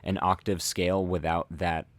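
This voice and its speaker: A man hosting a commentary, explaining thoughtfully in a halting way with many fillers and restarts. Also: low-pitched, level tone, no echo. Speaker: host analyzing body language.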